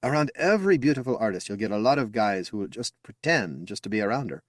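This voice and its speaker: A man's voice: fairly low pitch, sing-song, fast talker, dry recording. A man voicing an eager, boastful young man who talks proudly and affectionately about his little brother. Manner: upbeat, chatty and affectionate.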